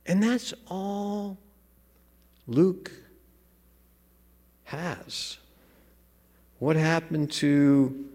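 Male pastor, animated sermon delivery, slightly high voice, long hall reverb. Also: very slow, gravelly, long pauses. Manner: conversational, joking asides.

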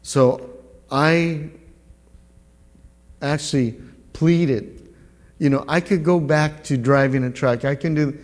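A middle-aged man shares his testimony before a church congregation, speaking very slowly and earnestly. He stumbles and repeats words as he goes, and his voice rings with the long reverb of a big hall. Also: fairly high pitch. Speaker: guest speaker giving a testimony.

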